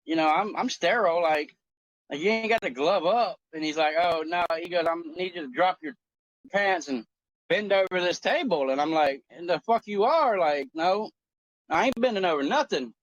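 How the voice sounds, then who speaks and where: A man in his forties on a talk show, telling a story in an animated, profane, joking way. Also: high voice, moderate pace, muffled recording. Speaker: co-host. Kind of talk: casual chat.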